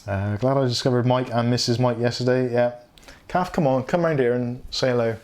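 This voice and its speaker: A man's voice: medium pitch, a little fast, a little mellow. A middle-aged man hosting a casual live tech chat stream, reading viewer comments aloud and laughing often.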